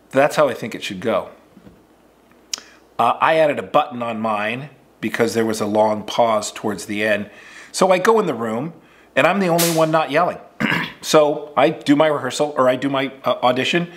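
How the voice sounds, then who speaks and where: A man who is an acting coach, telling an audition story in a relaxed, conversational way with plenty of fillers. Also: mid-range voice, normal speed. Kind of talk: casual instructional storytelling.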